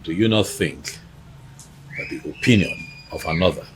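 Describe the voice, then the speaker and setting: A man's voice: sits low, lively intonation, normal speed, noisy background. An actor with a Nigerian English accent playing a confident, newly married man. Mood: defiant. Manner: confident, boastful. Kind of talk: film acting. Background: music.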